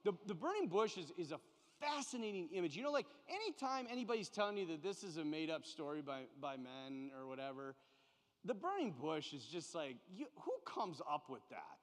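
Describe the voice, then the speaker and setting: Priest, male, animated Bible study teacher, conversational, reverberant church sound. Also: fairly high pitch, fairly quick. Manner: lively and conversational, acts out little scenes. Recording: long hall reverb.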